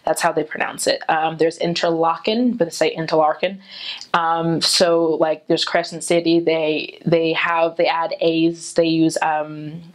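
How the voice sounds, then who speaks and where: A woman's voice: low-pitched, monotone, measured pace, few pauses. A young woman with a Long Island accent, telling casual stories with lots of fillers and restarts. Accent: Long Island New York. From Long Island, New York. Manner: chatty, hesitant with fillers and restarts. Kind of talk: casual storytelling.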